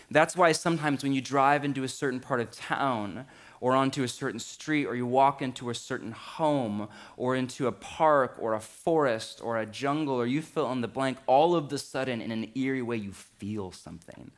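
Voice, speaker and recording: A man in his thirties preaching a sermon in a church, animated and lively, with humor. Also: medium pitch. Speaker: pastor. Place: church sanctuary.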